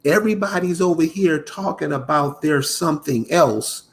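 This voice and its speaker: A man's voice: on the high side, moderate pace, slight background noise. Exasperated man ranting to camera. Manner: exasperated, preachy, repeats and restarts words. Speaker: commentator. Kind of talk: casual rant to camera.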